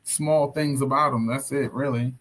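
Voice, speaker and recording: Hesitant man reflecting slowly. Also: mid-range voice, fairly even intonation, background noise. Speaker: podcast guest. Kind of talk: casual conversation.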